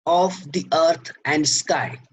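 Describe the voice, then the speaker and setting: A man lecturing on poetry, slow and halting, repeating words and filling pauses as he explains. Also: a little high, slightly rough.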